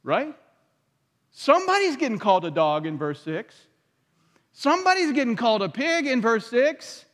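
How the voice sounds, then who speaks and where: An extremely high-pitched, very animated pastor preaches at a moderate pace, his slightly bright voice trailing into a long reverb. He keeps the sermon conversational, regularly asking his listeners questions.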